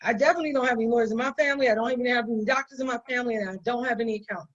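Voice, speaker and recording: On a dull-sounding lo-fi recording, a woman business owner talks very fast in a slightly high voice. Her advice is conversational and emphatic, with points repeated for stress.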